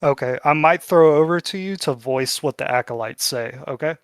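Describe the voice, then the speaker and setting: A man's voice: on the high side, moderate pace, slight background noise. A man running a tabletop game as game master, narrating in a casual style and swearing freely.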